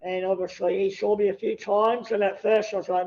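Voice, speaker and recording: A man's voice: sits high, flat delivery, fairly quick, darkish tone, muffled recording. A man in his thirties, a podcast guest telling his story in a joking, self-deprecating way and laughing easily. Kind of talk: casual interview chat.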